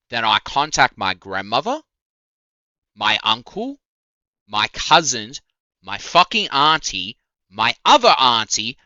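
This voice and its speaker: A man's voice: mid-range voice, sing-song, slow pace, sharp tone, no echo, muffled recording. A young man reacting to a video in casual commentary, swearing often and breaking into indignant outbursts. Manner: profane, heated, indignant outbursts.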